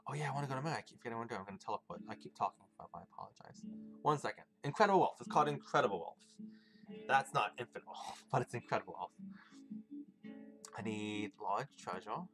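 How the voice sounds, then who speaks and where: A man's voice: on the low side, fast talker. A man streaming a video game, chatting casually with viewers in a rambling, swearing way. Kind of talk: casual gaming stream chat. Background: game music.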